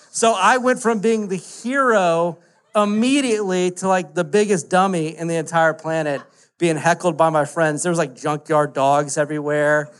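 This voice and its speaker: A man, preaching a casual, animated story-driven sermon full of "like" fillers. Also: on the high side, moderate pace. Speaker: pastor.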